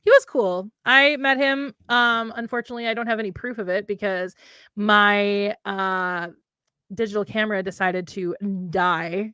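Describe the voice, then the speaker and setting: Woman co-host, casual stream chat, mid-pitch, rambling asides, dry condenser-mic sound. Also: fairly even intonation, normal speed, sharp tone, clean tone, dry recording. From United States. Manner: rambling, talks to her pet mid-sentence.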